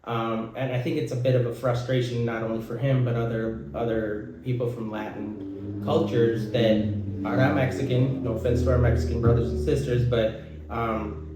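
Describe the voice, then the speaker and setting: American man, mid-pitched, rambling, very echoey room. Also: steady tone, normal speed, background noise. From United States. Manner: rambling, self-correcting, many fillers. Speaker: podcast co-host. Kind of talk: casual chat.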